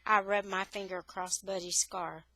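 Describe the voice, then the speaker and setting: A woman tutor reading a children's novel aloud, in a careful, expressive storytelling manner. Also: medium pitch, normal speed, no echo, poor audio. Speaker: reader, English tutor.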